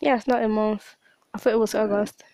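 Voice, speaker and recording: A podcast host in her late teens rambles through an emotional personal monologue, often restarting her sentences. Her mid-range voice has a darkish tone and fairly even intonation, moving a little fast, with no echo.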